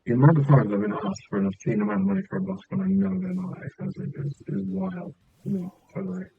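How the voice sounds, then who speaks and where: A man's voice: high-pitched, quick pace, gravelly, slightly rough, narrow, tinny audio. A man from England with a southern English accent, chatting casually as a game streamer, rambling and dotting his talk with filler sounds. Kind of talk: rambling casual chat while gaming.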